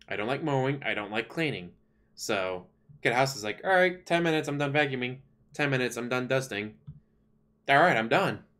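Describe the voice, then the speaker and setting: A man at an ordinary middle pitch rambles to his livestream viewers in a loose, sarcastic way. He grumbles and jokes as he talks, casual rather than scripted. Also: fairly bright tone. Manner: complaining, chatty, sarcastic. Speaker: livestream host.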